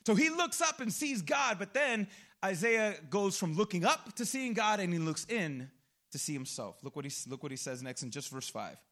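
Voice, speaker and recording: A young man preaching a sermon in a lively, conversational way, with casual slang and quick asides. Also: sits high. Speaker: pastor.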